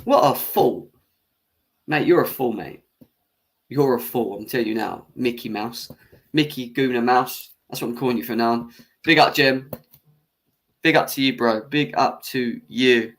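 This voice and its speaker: A man's voice: medium pitch, a little slow, long pauses. A young man hosting a football fan live stream, hot-tempered and swearing as he argues with viewers in the chat. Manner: heated, swearing, arguing with chat; laughs off his own bias. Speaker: football fan channel host. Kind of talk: live-stream match reaction rant.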